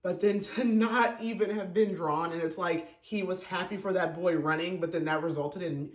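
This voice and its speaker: A man's voice: high-pitched, steady tone, moderate pace, few pauses. A man hosting a podcast, giving a casual, emotional book review full of fillers and restarts. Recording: roomy echo.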